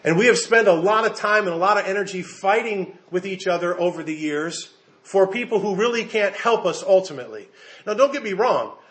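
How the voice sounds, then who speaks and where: High-voiced American pastor preaching animatedly. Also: male voice. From United States. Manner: animated, emphatic, jokes with the congregation. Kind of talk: sermon.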